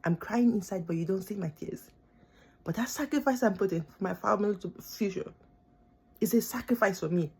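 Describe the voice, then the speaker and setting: A young woman vlogger, a student born outside the country she lives in, vents to camera in an impassioned, pleading, emotional rant, repeating herself for emphasis. Her mid-range voice is husky with a darkish tone and runs a little fast.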